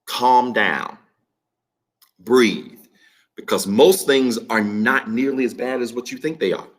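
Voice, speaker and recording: Pastor, man, mid-pitched voice, emphatic and repetitive, preaching a livestream sermon. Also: unhurried. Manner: emphatic, repetitive, addresses online viewers directly. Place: church livestream.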